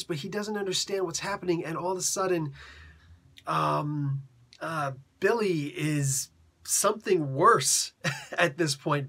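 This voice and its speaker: Husky man retelling a comic. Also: on the high side, pushed and bright. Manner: chatty, slangy, laughs often. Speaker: comic book reviewer. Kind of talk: casual retelling of a comic story.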